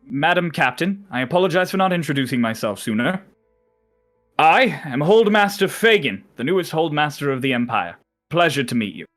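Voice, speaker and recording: A man's voice: a little high, lively intonation, fairly quick, a bit bright, soft background music. A man voicing a cheerful, courteous young male envoy who greets people eagerly.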